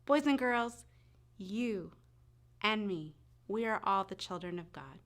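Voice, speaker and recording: A woman telling a Bible story to young children at chapel, expressive and sometimes dropping to a hush. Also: medium pitch, slow. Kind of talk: children's story and short sermon.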